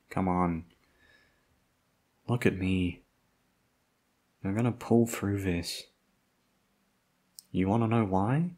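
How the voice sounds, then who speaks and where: A man playing a husky, soothing bodyguard in whispered role-play. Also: sits low, darkish tone, full character voice. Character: tough protective male bodyguard, tender. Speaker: voice actor.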